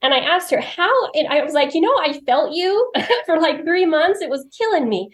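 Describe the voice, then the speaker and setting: A woman's voice: sits high, sing-song, normal speed. Roomy-sounding chatty woman guest. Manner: chatty, laughs often, acts out her own remarks. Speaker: podcast guest. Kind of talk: personal storytelling in conversation. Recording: roomy echo.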